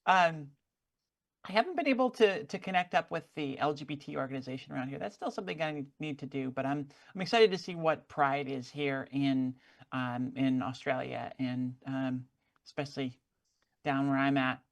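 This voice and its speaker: Low-voiced woman teasing her co-hosts. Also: normal speed, gravelly. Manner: teasing, dry, steers topics. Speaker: podcast co-host. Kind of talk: casual comedic chat.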